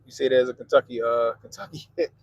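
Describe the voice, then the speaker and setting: Gravelly Baltimore man streaming. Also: medium pitch, fairly even intonation, quick pace, dull audio. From Baltimore, Maryland. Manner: loose, profane, laid-back banter. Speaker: livestream host. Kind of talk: casual livestream chat reading comments.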